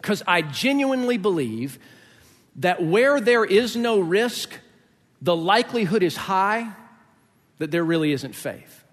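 Animated storytelling pastor in a reverberant hall. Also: male voice, sits high, measured pace. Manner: animated storyteller acting out voices, laughing along. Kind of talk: sermon with storytelling.

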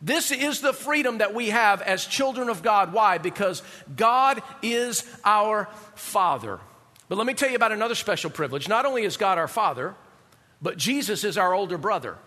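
Male pastor, high bright voice, lively sermon delivery, long hall reverb. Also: normal speed. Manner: animated, rhetorical questions to the congregation.

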